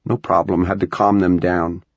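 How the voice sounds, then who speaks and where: Low, gravelly male audiobook narrator. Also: little pitch movement, moderate pace, no echo. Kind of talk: scripted narration. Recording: dull lo-fi dry recording.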